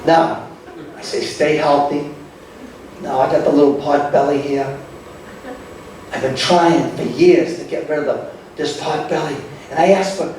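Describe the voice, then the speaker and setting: A man's voice: on the high side, steady tone, measured pace, long pauses, a little mellow, slight background noise. A middle-aged man doing stand-up comedy, telling exaggerated stories and acting out his own lines. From Italian-American. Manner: exaggerated storytelling, acts out his own voice in quotes. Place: comedy club stage. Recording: echoey club recording from far off. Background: audience laughter.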